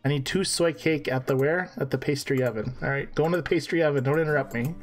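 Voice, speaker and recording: A man's voice: a little high, fast talker, slight background noise. A man co-hosting a casual game live stream, joking and laughing at himself as he plays.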